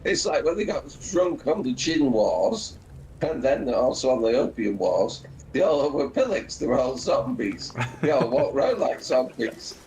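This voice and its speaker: A man in his fifties chatting on a game livestream, excitable and laughing through his own storytelling. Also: mid-range voice, measured pace, slight background noise, rough recording. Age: 50s. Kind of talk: casual chat.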